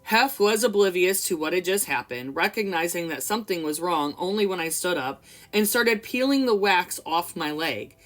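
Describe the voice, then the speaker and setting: A woman's voice: fairly low pitch, animated, moderate pace. A young woman reading a memoir aloud expressively, breaking off for casual commentary. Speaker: book reader and commentator.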